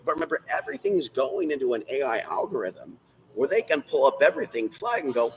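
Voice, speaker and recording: A man hosting a solo livestream, rambling in a ranty way and speaking straight to viewers and the chat, swinging from loud bursts to low muttering. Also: sing-song, a little fast, rough recording. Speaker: livestream host.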